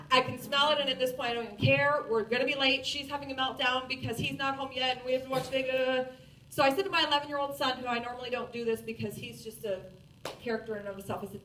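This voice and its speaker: A woman in her forties telling a self-mocking story to an audience in a lively, animated way. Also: sits high, slight background noise. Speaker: speaker. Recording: roomy, distant from the mic.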